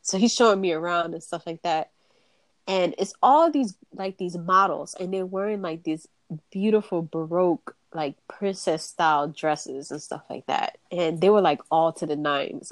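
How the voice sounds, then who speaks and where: A woman with a voice on the low side co-hosts a podcast, recorded dry. She tells a story in casual chat, acting out quotes, swearing and laughing often.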